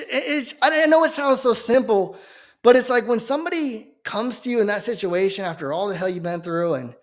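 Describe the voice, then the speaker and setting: A young man giving an earnest, fervent Christian testimony as a preacher, often checking in with "okay?". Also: sits high. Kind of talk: emotional personal testimony.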